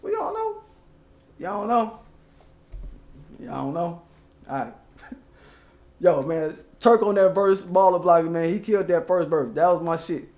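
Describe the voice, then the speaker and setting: A man's voice: high-pitched, big pitch swings, unhurried, long pauses, darkish tone, roomy sound. A man hosting his own channel, giving loose, profane casual commentary and rapping old lyrics along the way. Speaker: channel host.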